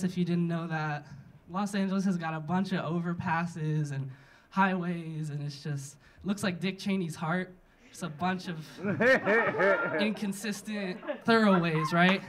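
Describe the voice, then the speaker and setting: A young man doing a stand-up set and hosting, deadpan and self-mocking, then speeding into animated rants. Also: high-pitched. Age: young adult. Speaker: stand-up comic and host. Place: comedy club stage. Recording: live room with crowd laughter.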